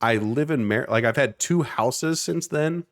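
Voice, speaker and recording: A man's voice: mid-range voice, a little slow. A man in his thirties from South Jersey, co-hosting a podcast in a passionate, rambling casual chat with the odd swear for emphasis. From South Jersey, near Philadelphia. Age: 30s. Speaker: podcast co-host.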